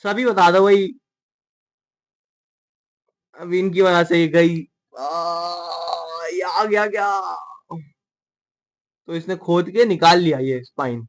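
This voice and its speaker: A man hosting a manga readalong, commenting casually with rapid, joking asides. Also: high-pitched.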